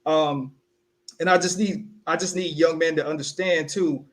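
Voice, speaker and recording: A young man from South Carolina co-hosts a casual podcast, recounting a personal story in an animated, conversational way. His voice sits a touch higher than most men's, and he slips into the voices of the people he quotes. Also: normal speed. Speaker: podcast co-host.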